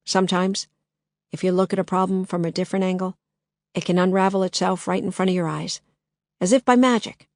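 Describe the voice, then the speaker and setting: Woman reading as a male private detective, Minnesota accent, creaky, slight lisp, calm, persuasive, lowish, dry sound. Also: brisk, dry recording, natural voice. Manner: calm, knowing, gently persuasive.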